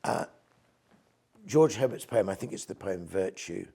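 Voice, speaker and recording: An older English man, a poet and priest, talking through the craft of his poems in an interview and dropping low to recite verse. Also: measured pace, creaky, breathy edge. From England. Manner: enthusiastic, nerdy about poetic meter, drops to soft low recitation for verse.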